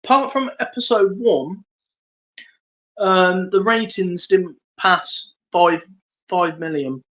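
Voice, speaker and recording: A man co-hosting a podcast, sharing trivia in a relaxed way, recorded on a phone. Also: high-pitched, slow, highs cut off. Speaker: podcast co-host. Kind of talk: casual chat.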